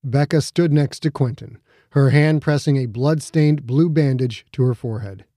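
A man reading an audiobook in a steady, measured storytelling voice on a close studio mic. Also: mid-range voice, no echo. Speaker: audiobook narrator. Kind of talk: scripted narration.

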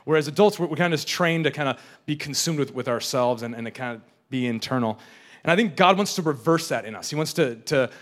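A man's voice: mid-range voice, expressive, quick pace, a bit bright. A young adult man preaching a casual, joking sermon, often repeating and restarting his words. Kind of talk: conversational sermon.

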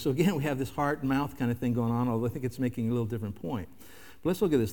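A man's voice: mid-range voice, very fast, darkish tone. Older male preacher in a reverberant hall. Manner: conversational preaching with rhetorical questions. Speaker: pastor. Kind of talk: sermon.

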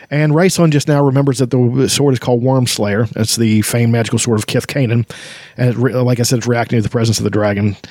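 A man's voice: medium pitch, darkish tone, dry recording, clean studio sound. A man reading aloud from a fantasy novel and chatting about it in between, hesitant and full of restarts. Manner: hesitant, many fillers and restarts. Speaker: book reader and commentator. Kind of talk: casual reading with commentary.

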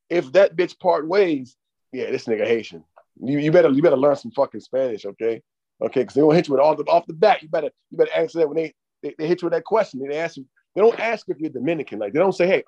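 Husky guy talking quick on a podcast, swears a lot, kinda lo-fi. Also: a little high. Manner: profane, animated storytelling. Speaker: podcast co-host. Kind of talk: casual chat.

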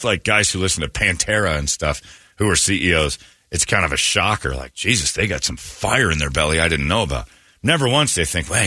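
A male morning radio host mocks and rants in loose, sarcastic banter. His voice sits a bit low but has a bright, forceful edge. The studio sound is dry and close. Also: husky, no room sound.

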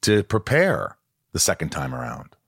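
A man hosts a relaxed interview, his pitch swinging widely as he talks. He is animated and slips into put-on voices to act out what people might say. The sound is close and dry, with no room echo. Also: moderate pace, slightly rough. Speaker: host. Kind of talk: casual interview chat.

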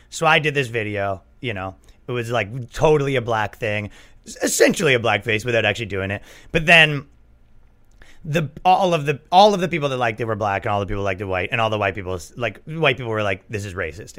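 A man hosting a podcast, telling stories in a rambling, animated casual monologue with frequent laughs. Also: medium pitch. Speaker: podcast host.

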